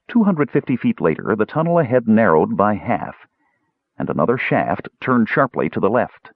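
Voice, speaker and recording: Deep husky guy reading a fantasy story, dry lo-fi tinny audio. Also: big pitch swings, moderate pace, no room sound. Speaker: narrator. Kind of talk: audiobook narration.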